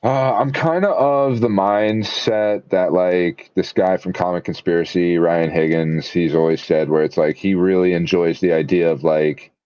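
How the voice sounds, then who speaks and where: Low-voiced rambling man, dull dry sound. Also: steady tone, measured pace, few pauses, darkish tone, no echo. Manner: rambling, filler-heavy, enthusiastic. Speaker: podcast co-host. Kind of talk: casual chat.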